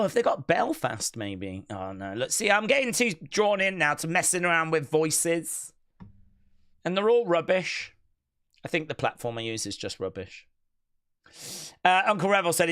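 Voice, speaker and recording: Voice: medium pitch, animated, a little slow, pauses often, fairly bright tone, clear, resonant tone. A stream host talks casually into a desk mic, reading out chat comments with a playful touch. The voice rises and falls a great deal. It sounds chatty and unscripted. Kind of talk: casual watch-along chat.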